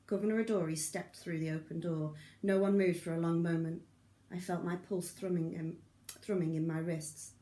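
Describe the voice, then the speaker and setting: Low-voiced woman reading a novel aloud. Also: steady tone, normal speed, dark tone, reverberant. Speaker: audiobook reader. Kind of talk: audiobook narration.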